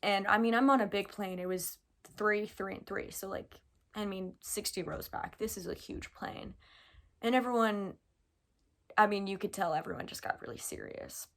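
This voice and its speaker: A young woman from the United States recounts a personal story straight to camera. Her delivery is chatty and animated, peppered with casual fillers as she relives each step. It has the easy, unscripted feel of a vlog. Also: medium pitch, moderate pace, vocal fry. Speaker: vlogger.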